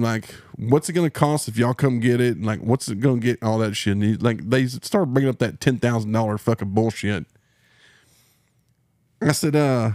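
A man's voice: medium pitch, darkish tone, no room sound, clean studio sound. A man with a Texan accent telling a story on a podcast, heated and profane, mocking the people he dealt with. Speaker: podcast host. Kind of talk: casual storytelling rant.

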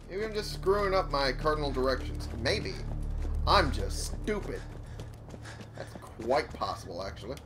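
A man's voice: medium pitch, big pitch swings, normal speed, music in the background. A man giving casual gameplay commentary, muttering to himself, swearing often, and making fun of himself.

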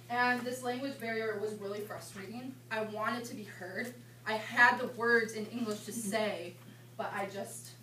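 A young woman in her twenties, a campus ministry intern, leading an informal seminar with chatty, animated storytelling. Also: a little high. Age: 20s. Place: indoor meeting room at a retreat. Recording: echoey room, mic far off, background hum.

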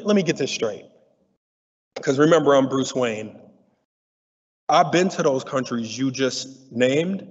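A middle-aged man talks to a conference crowd in a lively, teasing, conversational way. His voice sits on the high side. The sound is a bit muffled and rings with the long echo of a large hall. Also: slightly rough. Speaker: diversity speaker. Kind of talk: conference talk to an audience. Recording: muffled audio in a reverberant hall.

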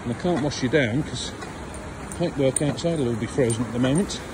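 A dog trainer with a mid-range voice talks fairly quickly as he walks his dogs through a frosty field, chatting with them and teasing them casually. The outdoor recording carries clear background noise.

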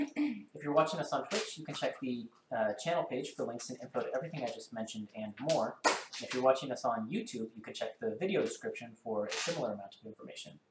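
A man hosting a tabletop game stream as dungeon master, talking quickly with lots of ums and uhs. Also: medium pitch, animated. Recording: roomy sound with clear background noise.

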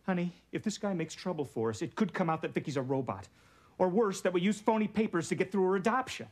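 A man's voice: high-pitched, fast, darkish tone. An actor playing a harried suburban father and inventor in a 1980s sitcom, hesitant with a dry joke. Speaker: sitcom character.

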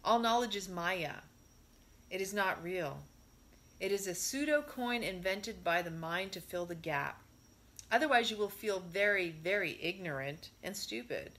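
A woman reading a spiritual discourse aloud in a measured way, stressing her rhetorical questions. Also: mid-range voice, lively intonation, a bit bright.

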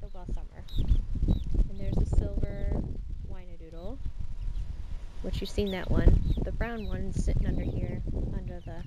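A woman's voice: fairly even intonation, unhurried, pauses often, lo-fi sound, heavy background noise. A woman vlogging casually outdoors beside a backyard chicken coop, chatting as she shows the birds on a handheld camera. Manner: chatty, talks to her birds in a high coaxing voice. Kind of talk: casual show-and-tell vlog. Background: chickens and ducks.

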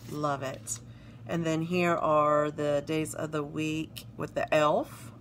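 A woman's voice: low-pitched, little pitch movement, slow, a little hiss or hum. A woman from South Carolina with a Southern accent, casually showing off planner stickers and gushing over them. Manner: gushing, reads sticker phrases aloud. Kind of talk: casual show-and-tell narration.

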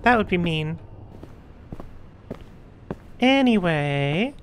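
A woman's voice: mid-range voice, a little fast, fairly bright tone, a little hiss or hum. Woman streamer, goofy let's-play commentary, everyday mid-range voice. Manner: goofy, chatty, talks to characters. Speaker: game streamer.

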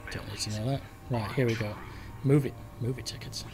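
A man's voice: mid-range voice, steady tone, brisk, music in the background. A man casually narrating his own video game play, musing aloud and rambling. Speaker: gaming video host. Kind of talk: casual let's play commentary.

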